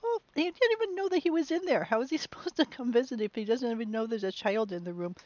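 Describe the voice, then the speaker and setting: A woman streamer musing aloud through a game in a chatty, animated way. Her voice sits fairly high. The recording is dry and slightly dull. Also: fast talker, no echo. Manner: chatty, musing, with bursts of excitement. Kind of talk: let's play commentary.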